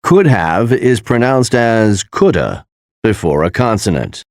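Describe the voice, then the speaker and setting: A man announcing textbook audio tracks and pronunciation notes in a slow, deliberate, instructional manner. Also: fairly low pitch, animated, dry recording, clean studio sound.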